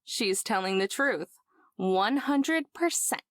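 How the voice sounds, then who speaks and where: An actress voicing a deadpan, terse young woman in a visual novel. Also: mid-range voice, slow pace, no room sound, clean studio sound.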